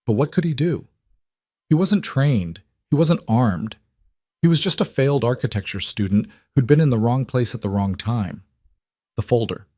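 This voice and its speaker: A man giving tense, measured scripted audiobook narration of a crime thriller. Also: mid-range voice, animated, warm tone, no echo, clean studio sound.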